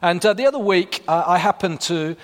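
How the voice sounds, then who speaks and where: A man's voice: high voice, expressive, a little fast. A man from Wales, preaching a sermon and reading scripture, talking in a loose, conversational way with many fillers and restarts. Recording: long reverb of a hall.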